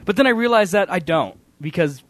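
Young man, radio co-host, high voice, very lively, dry studio sound. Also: fairly quick, dry recording. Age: young adult. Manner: animated storytelling, mimics people, laughs often. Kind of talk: casual banter.

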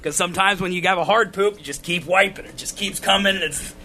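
A man co-hosting a casual podcast, ranting loudly and getting exasperated. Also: high voice, quick pace. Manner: loud, exasperated ranting that climbs into shouting. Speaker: podcast co-host.

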